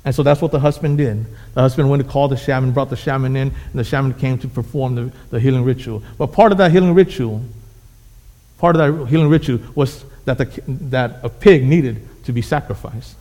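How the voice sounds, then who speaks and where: A man's voice: on the high side, fairly quick, a little mellow. A man preaching a sermon, telling a fable with emphatic, repetitive phrasing. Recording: echoey hall.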